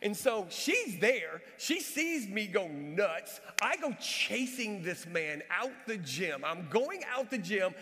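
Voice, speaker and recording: A man preaching a sermon with storytelling, animated, swinging between loud outbursts and hushed, earnest moments. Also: sits high, slow pace, few pauses. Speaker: pastor and basketball coach. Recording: long hall reverb.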